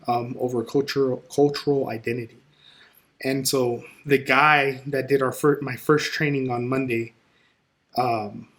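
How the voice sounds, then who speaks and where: A man guesting on a podcast, chatting casually and telling lively stories, acting out what people said. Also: mid-range voice. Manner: animated storyteller who acts out quoted dialogue. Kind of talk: casual conversation.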